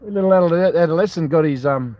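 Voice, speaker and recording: A man's voice: a little high, rapid-fire, a little mellow. A man with an Australian accent chatting casually outdoors, blunt and matey with frequent swearing.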